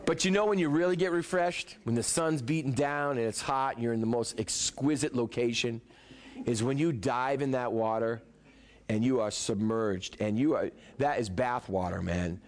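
A man preaching a sermon in a church, moving between lively, joking talk to the congregation and soft, hushed prayer. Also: mid-range voice, moderate pace. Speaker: pastor.

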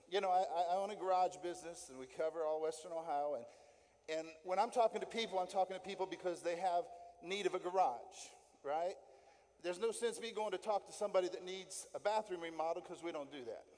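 A man with a high but mellow, warm voice delivers an emphatic sermon. He is middle-aged and talks to the congregation directly, driving points home with repetition and tag questions. A long reverb from the sanctuary trails every phrase. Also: moderate pace. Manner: emphatic, keeps asking "right?" and repeating key points. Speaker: lay guest preacher. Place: church sanctuary.

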